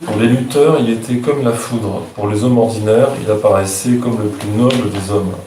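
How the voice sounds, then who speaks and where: A man's voice: fairly low pitch, steady tone, brisk, very noisy. A man with a French accent carefully reading scripture verses aloud as a translator. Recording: echoey room, distant mic.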